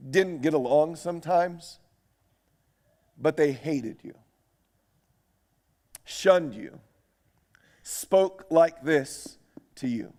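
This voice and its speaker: A man preaching a sermon to a church audience, reading scripture aloud and putting questions to his listeners. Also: a little high. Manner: animated, asks the audience questions. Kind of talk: sermon lecture.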